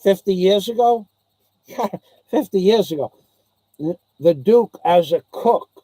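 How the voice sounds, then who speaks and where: A man's voice: sits high, warm tone, no echo. A man, rambling through old memories and repeating himself as a channel host. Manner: rambling, repeats himself, mimics others' voices in anecdotes. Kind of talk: rambling storytelling chat.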